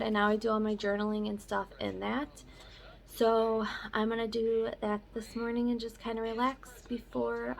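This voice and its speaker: A woman's voice: medium pitch, creaky. A young woman chatting casually in a personal vlog update, rambling with filler words. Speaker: vlogger.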